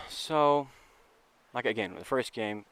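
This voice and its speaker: A middle-aged man, a podcast co-host, telling a story in casual chat and acting out the quotes with a lively, profane rant. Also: medium pitch, takes it slowly, smooth. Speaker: podcast co-host, assistant youth baseball coach.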